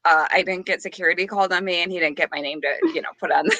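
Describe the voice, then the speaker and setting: A woman's voice: on the low side, fast, bright, forceful tone, no room sound. A woman co-hosting a podcast, telling a story in casual chat and laughing often. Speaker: podcast co-host.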